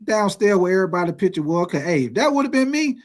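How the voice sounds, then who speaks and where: Man, high-pitched, cursing and animated, casual sports commentary. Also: quick pace. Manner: profane, animated and emphatic. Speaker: sports talk host.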